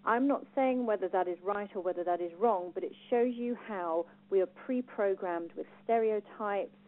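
A woman with a Home Counties English accent giving a lively talk on personal branding to a live audience, asking them questions. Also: mid-range voice. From England. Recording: phone-like thin sound.

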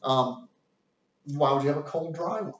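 A man's voice: fairly high pitch, normal speed. A man giving an informal lesson, chatty, asking and answering his own questions. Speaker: teacher. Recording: roomy, distant, dull sound.

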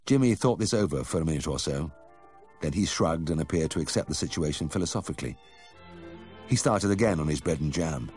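A man narrating a first-person memoir audiobook in a measured, expressive storytelling manner. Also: rumbling low, breathy edge, dry recording, soft background music.

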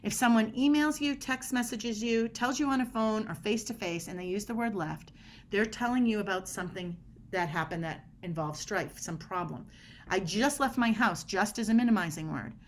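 A woman guest on a podcast explaining body language in an energetic, emphatic way. She often acts out little quoted dialogues as she makes her points. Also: mid-range voice, moderate pace, slight background noise. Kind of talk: animated podcast conversation.

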